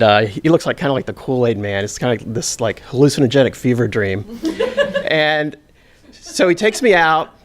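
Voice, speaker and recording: A man telling a humorous personal story on stage to a live audience, with a self-deprecating, animated delivery. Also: medium pitch.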